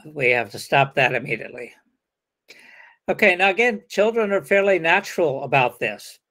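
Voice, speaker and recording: A man's voice: a little high, lively intonation, normal speed, pushed and bright. A man leading an interactive teacher-training lecture, calling on participants and acting out hesitant replies. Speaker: workshop lecturer.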